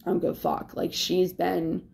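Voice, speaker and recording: A woman's voice: fairly low pitch, little pitch movement, normal speed, creaky, a little mellow. A woman vlogger talking in a rambling, casual confessional way, with plenty of fillers and swearing.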